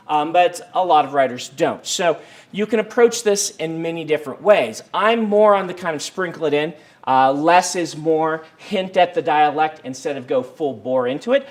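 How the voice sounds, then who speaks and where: Man, writing instructor, fairly high voice, chatty lecture full of ums. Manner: conversational, many ums and restarts. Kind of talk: university lecture. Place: lecture hall.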